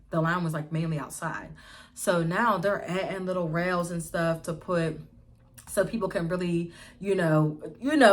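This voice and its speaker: Young woman vlogger, slightly low voice, casual profane storyteller, faint background hum. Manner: animated, slangy, profane storytelling.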